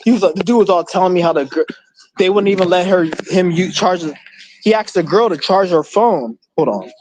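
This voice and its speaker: A man's voice: high voice, lively intonation, fairly quick, a little mellow, a little hiss or hum, rough recording. A man vlogging in casual chat, rambling and swearing a lot and often restarting his sentences.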